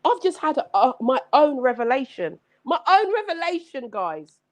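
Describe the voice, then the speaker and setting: A woman hosting a live-streamed motivational talk, energetic and exclamatory, repeating her points like a preacher. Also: high voice, normal speed. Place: home setup with several screens.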